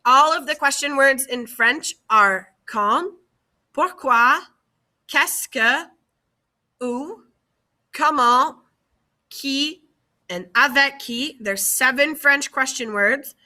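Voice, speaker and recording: Woman, language teacher, slightly high voice, unhurried slide lesson with careful repetition. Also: pushed and bright. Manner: slow, careful, repeats key words for students. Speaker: French teacher. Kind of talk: slide-based classroom lesson.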